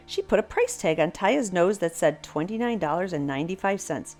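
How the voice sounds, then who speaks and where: Older woman narrator, children's story, expressive read-aloud, faint music under. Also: fairly low pitch, brisk.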